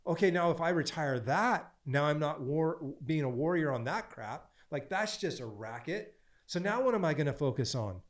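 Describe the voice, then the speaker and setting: A man speaking as a podcast guest in an animated, preachy way, stacking repeated phrases as he coaches. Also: on the high side, normal speed.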